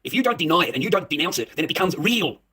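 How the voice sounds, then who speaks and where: Fast, husky man ranting. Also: on the high side, big pitch swings, pushed and bright. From Australia. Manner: agitated, heated, swearing; talks straight to the viewer. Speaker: vlogger. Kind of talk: direct-to-camera rant.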